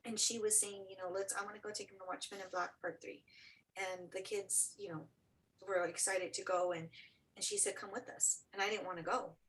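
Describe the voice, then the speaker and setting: A woman's voice: mid-range voice, fairly even intonation, fairly quick, a bit bright, poor audio. A middle-aged woman, an interview guest, telling a personal story with earnest feeling and acting out what others said.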